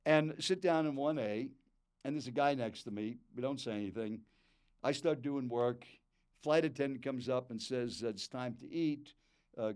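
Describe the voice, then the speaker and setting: A man in his eighties, a professional speaker, telling a story in an interview and talking straight to the listener. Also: mid-range voice. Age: 80s. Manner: animated storyteller who talks straight to the listener. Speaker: professional speaker and speech coach.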